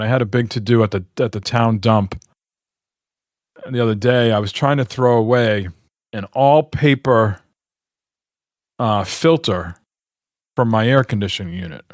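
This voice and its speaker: A man's voice: on the low side, a little slow, long pauses, dry recording, clean studio sound. A man co-hosting a podcast, telling a rambling, exasperated story in casual chat and swearing freely. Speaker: podcast co-host.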